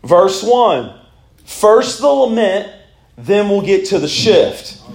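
A male pastor with a high voice delivers a sermon. He reads scripture aloud, swinging between loud, pleading lines and low, hushed ones. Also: very animated, unhurried, echoey room.

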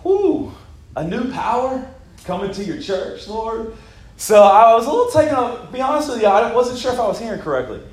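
A man preaching a sermon in a relaxed, conversational way, telling personal stories and often breaking into laughter. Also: extremely high pitch, moderate pace. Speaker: pastor. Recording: echoey room.

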